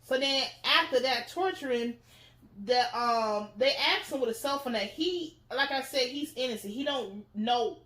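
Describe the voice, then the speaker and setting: A woman's voice: high voice, measured pace, roomy sound. A woman, recapping a TV episode in a casual, profane style and acting out the characters in voices. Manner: animated storytelling, acts out characters in voices. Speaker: TV recap host.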